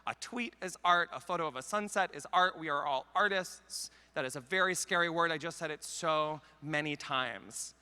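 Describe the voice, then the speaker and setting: A man with a high, very bright and crisp voice gives a joking, self-deprecating talk on stage. He speaks into a handheld mic, and the sound carries a long hall reverb. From Canada. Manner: wry, self-deprecating, quick jokes. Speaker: conference speaker. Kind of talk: comedic keynote talk. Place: large conference hall.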